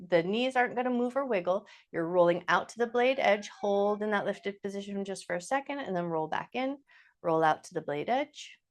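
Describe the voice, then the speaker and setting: A woman yoga instructor leading a guided chair yoga class, giving gentle step-by-step cues in a calm, casual way. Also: medium pitch. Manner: casual, with fillers like "like" and "just".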